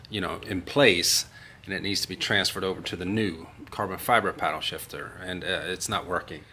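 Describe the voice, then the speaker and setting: A man's voice: on the low side, a bit bright, slight background noise. A man casually narrating a do-it-yourself car repair as he works, chatty and muttering to himself. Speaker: car DIY vlogger. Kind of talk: casual how-to narration while working.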